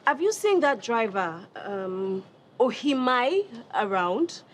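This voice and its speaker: A woman's voice: fairly high pitch, very animated, takes it slowly, slight background noise. A woman with a Nigerian accent playing a haughty young company executive in a TV drama, talking in a cold, cutting, condescending way. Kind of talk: TV drama acting.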